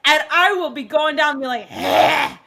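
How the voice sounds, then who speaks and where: High, bright woman's voice with a Southern drawl; loud, swearing, laughing livestream host. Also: a little fast. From New Hampshire. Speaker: animated film crew member. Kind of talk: tipsy casual livestream chat. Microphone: new microphone.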